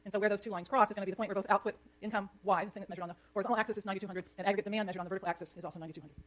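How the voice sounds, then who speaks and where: A woman lecturing an economics class, brisk and jokey, scolding the chatter when it gets too loud. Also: mid-range voice, fairly even intonation.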